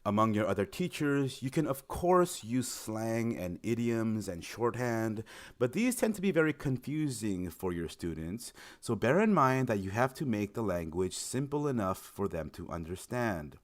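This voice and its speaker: A man's voice: lowish voice, very animated, normal speed. A young man giving an informal explainer video, friendly and encouraging, lifting his voice on key words. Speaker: recruiter explaining teaching in China.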